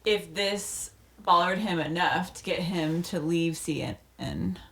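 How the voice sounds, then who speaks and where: Low-voiced woman, quick reactions. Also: vocal fry, a bit bright. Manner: quick incredulous interjections. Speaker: podcast co-host. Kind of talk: casual reaction chat.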